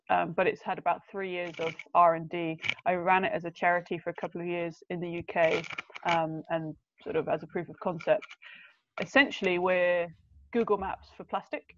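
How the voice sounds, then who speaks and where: A young woman telling stories as a podcast guest. She talks in an animated, emotional way, with big jumps in pitch. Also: a little hiss or hum. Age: young adult. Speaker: guest, documentary filmmaker. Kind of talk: conversational podcast storytelling. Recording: dull lo-fi sound.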